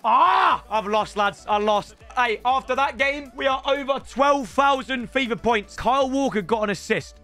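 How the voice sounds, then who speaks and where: A young man with a British accent giving excitable, shouty live commentary on his football game as a streamer, bantering with chat. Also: extremely high pitch, moderate pace, few pauses, faint music behind. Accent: British English. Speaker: gaming streamer.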